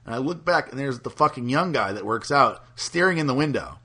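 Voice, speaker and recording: A man casually telling a story in a relaxed, profane way. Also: medium pitch, brisk, husky.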